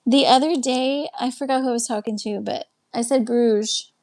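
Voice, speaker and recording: Hosting a casual live stream on her webcam, a Texan life coach talks fairly quickly in a fairly high voice. She's chatty, greeting viewers by name and responding to their comments out loud, yet seems slightly tired, winding down for the night.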